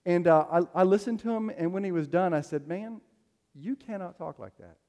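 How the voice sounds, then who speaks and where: Guy preaching a sermon, casual storytelling, lots of likes and ums, kinda high voice, big echoey church. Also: normal speed, warm tone. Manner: conversational storytelling preaching, many fillers. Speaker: pastor. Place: church sanctuary. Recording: long hall reverb.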